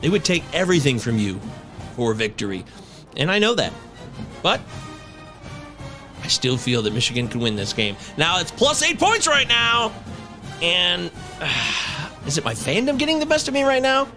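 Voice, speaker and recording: A man in his thirties hosting a casual sports podcast, animated and swearing, breaking into shouts and chants. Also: a little high, normal speed, long pauses, soft background music. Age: 30s. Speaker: podcast host.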